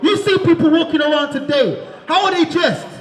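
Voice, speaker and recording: A man preaching to a crowd in the street, shouting and calling on listeners to answer, asking again and again if they understand. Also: extremely high pitch, brisk. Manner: repeats "you understand?". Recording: echoey, crowd noise behind.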